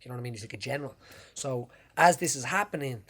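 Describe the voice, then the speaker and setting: An Irish man hosting a casual podcast, telling a long story in a rambling, animated way with the odd swear word. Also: medium pitch, quick pace, husky. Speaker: podcast host.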